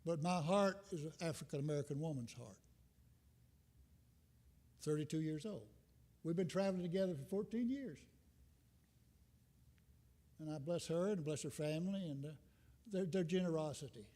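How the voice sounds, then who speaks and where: A man's voice: fairly high pitch, normal speed, long pauses, mellow. An older man giving a rambling, folksy sermon as a visiting minister, with self-deprecating humor. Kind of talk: informal sermon. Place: church sanctuary. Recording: long reverb from a church hall.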